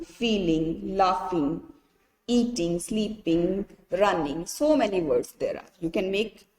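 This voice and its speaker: A woman's voice: mid-range voice, warm tone, long reverb tail. A woman teacher patiently walking pupils through a workbook lesson, spelling out letters, listing words one by one and checking in with "right?".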